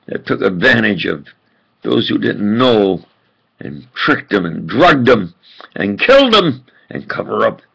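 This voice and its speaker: Man preaching an angry rant, slow and gravelly, voice jumps all over. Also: medium pitch, rough recording. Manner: ranting, swings from muttering to shouted outbursts; repetitive, emphatic. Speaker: self-styled preacher giving a political rant. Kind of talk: impassioned video rant.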